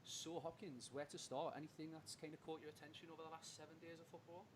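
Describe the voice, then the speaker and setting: A man's voice: a little high, fairly even intonation, fast, background noise. A man hosting a casual live football chat stream, bantering in a matey way with plenty of ums. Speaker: podcast host.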